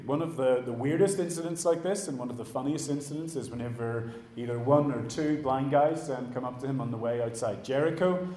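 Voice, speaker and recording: A man preaching a sermon in a church, animated, acting out the voices he quotes and dropping to a hush at the ends of phrases. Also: medium pitch, fairly quick. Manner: animated, acts out quoted voices, trails off quietly. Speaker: pastor. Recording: echoey church room.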